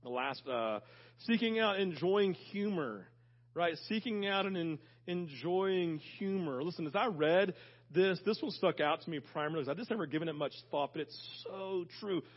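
A man's voice: sits high, normal speed, dull audio. A man preaching a sermon as pastor, telling stories animatedly and talking straight to the congregation. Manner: animated storytelling, talks directly to congregation.

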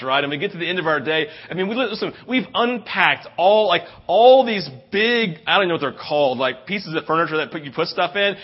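A middle-aged pastor tells stories from the pulpit in a chatty way and keeps asking "right?". His voice sits a little high and shoots up loud when he acts out someone's excitement. The recording is dull and lo-fi. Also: breathy edge. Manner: animated, jumps to a loud high voice for quoted excitement. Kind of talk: sermon with storytelling.

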